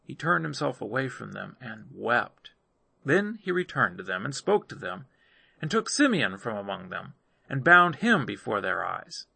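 A man reading scripture aloud in measured narration. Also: mid-range voice, very animated, gravelly, sharp tone, breathy edge, no echo. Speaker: scripture reader.

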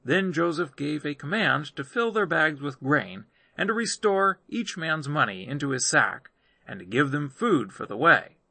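A man reading scripture aloud in measured narration. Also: on the high side, sing-song, vocal fry, sharp tone, slightly rough, no room sound. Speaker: scripture reader.

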